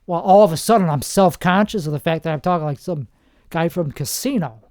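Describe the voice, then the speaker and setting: Mellow-voiced man rambling on a podcast. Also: on the high side, a little fast, no room sound, studio quality. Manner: rambling, self-mocking, trails off mid-sentence. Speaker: podcast host. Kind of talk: rambling comedic monologue. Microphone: podcast microphone.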